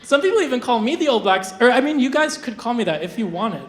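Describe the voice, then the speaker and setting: A fast-talking young adult comedian with a mid-range voice does deadpan stand-up on a live stage, his absurd jokes full of fillers and hesitant restarts. The recording has a roomy, live venue sound.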